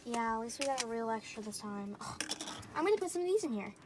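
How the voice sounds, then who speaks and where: A young woman casually chatting while unboxing and trying slimes, sometimes squealing and sometimes dropping to a soft near-whisper. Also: fairly high pitch, lively intonation, quick pace. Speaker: slime reviewer. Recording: loud background noise.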